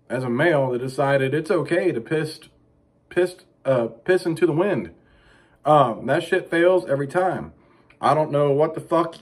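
A middle-aged man delivering a crude, rambling comic monologue as a vlog host, profane with deadpan asides. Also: a little high, slightly rough.

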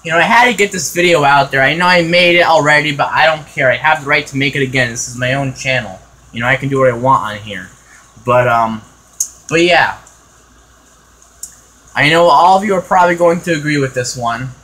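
Exasperated man ranting, bright voice. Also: a little high, brisk, rough recording. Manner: exasperated, repetitive, many "you know" fillers. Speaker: vlogger. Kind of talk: casual ranting vlog. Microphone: phone.

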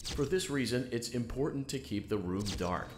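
An actor playing a calm, polite male guide giving step-by-step instructions over an intercom in a game. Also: medium pitch, normal speed, echoey room, noisy background, close to an everyday voice. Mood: instructive.

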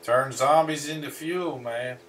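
A man's voice: medium pitch, a little slow, a bit bright, recorded from a distance, slight background noise. A man giving casual gameplay commentary, grumbling and swearing to himself as he plays. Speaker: gameplay streamer.

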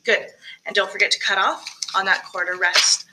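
For virtual choir practice, a woman records alone, guiding singers on diction and breathing and singing brief phrases to show what she means between spoken tips. Her mid-range voice is steady at a moderate pace, and the recording is very noisy.

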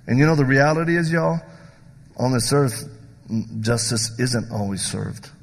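A middle-aged evangelist with a Southern American accent tells stories in a folksy sermon, swinging from loud punchlines to hushed asides. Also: male voice, mid-range voice, normal speed. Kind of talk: storytelling sermon. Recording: long reverb of a large hall.

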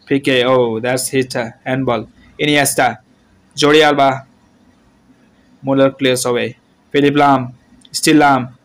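A man's voice: mid-range voice, steady tone, a little slow, long pauses. A man giving play-by-play football commentary, calling out player names in short bursts and raising his voice at goals. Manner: terse name-calling play-by-play, shouts at goals.

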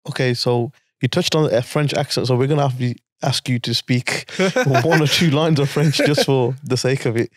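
Male podcast host, relaxed, joking, medium pitch, dry sound. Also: moderate pace, few pauses, no room sound. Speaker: podcast host, boxing coach. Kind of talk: interview questions.

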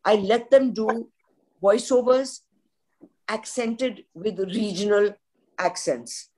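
A woman's voice: mid-range voice, slow pace, mellow. An older woman with an Indian English accent, a veteran news journalist speaking frankly on a podcast panel. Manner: forthright, opinionated storyteller.

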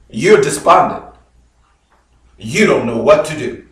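A man preaching a sermon as a bishop, telling a story dramatically with loud bursts and sudden low drops. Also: expressive, slow. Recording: very echoey hall, mic far off.

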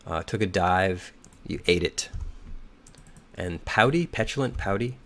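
Slow, gravelly man muttering through a puzzle. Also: deep voice, expressive. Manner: muttering, hesitant, reads clues aloud and second-guesses. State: slightly hoarse. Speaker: crossword solver. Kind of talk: thinking aloud while solving.

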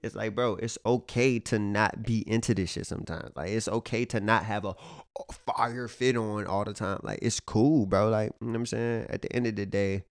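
A man's voice: fairly low pitch, fairly even intonation, normal speed, smooth, dry recording, studio quality. Laid-back, profane young-sounding man vlogging. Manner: laid-back, profane slang-heavy street talk; filler-heavy, repeats "you know what I'm saying". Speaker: fashion vlogger. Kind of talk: casual talk to camera.

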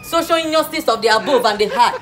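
A woman's voice: fairly high pitch, expressive, fast, over music. A woman playing a teacher in a comedy classroom sketch, lecturing preachily and laughing often. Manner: preachy, mock-serious lecturing with frequent laughs.

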